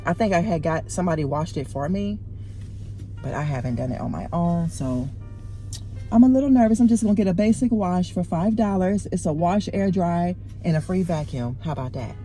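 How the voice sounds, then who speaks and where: A woman vlogging casually from inside her car at a car wash, chatty and animated as she talks straight to her viewers. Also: fairly low pitch, fairly quick, soft background music. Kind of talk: casual vlog chat.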